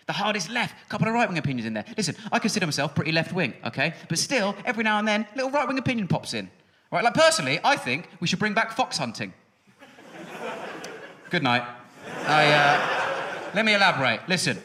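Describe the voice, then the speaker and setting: A man in his thirties doing a stand-up comedy set on a music hall stage, talking in a quick, sardonic way with sudden high outbursts. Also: sharp tone. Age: 30s. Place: music hall stage before a live audience.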